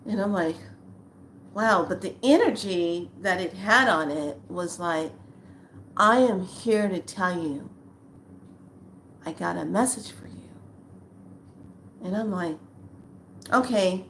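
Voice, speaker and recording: A woman vlogger telling a spiritual story in a casual way, acting out quoted lines with lively rises in pitch. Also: a little hiss or hum. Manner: animated, acts out quotes with rising pitch.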